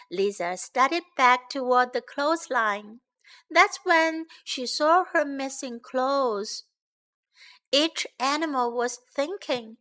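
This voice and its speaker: Woman storyteller for kids, slow and clear, bright tone. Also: high-pitched. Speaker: children's story reader and English teacher. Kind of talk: bilingual storytelling for children.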